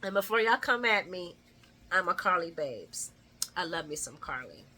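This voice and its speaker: A woman casually chatting through a recap of a soap opera episode, animated and laughing often. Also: fairly low pitch, moderate pace.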